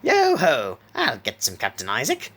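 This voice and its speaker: A man's voice: medium pitch, very animated, moderate pace, fairly bright tone, voice pushed up. A man voicing a sinister, clown-like supernatural being who talks in a sly, coaxing way in a horror story reading. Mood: hearty.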